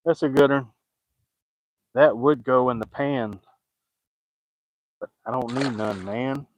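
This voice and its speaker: A man with a mid-range voice, recorded dry and with poor audio quality, is a fishing vlogger chatting casually to camera outdoors by the water. Folksy and joking, he talks back to viewers' comments while he fishes.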